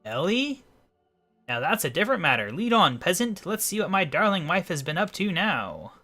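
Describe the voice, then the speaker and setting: A man's voice: high-pitched, sing-song, normal speed, sharp tone, soft background music, pitched above the performer's own voice, heavily acted. A man voicing a vain, grumpy king who complains a lot and gives in to his wife. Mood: pompous. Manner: pompous, complaining.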